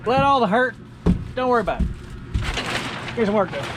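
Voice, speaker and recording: A young carpenter who hosts a vlog talks in a high-pitched, very animated, brisk voice, joking easily and explaining things as he works. He's outdoors on a cold construction site by a river, with loud work-site noise all around.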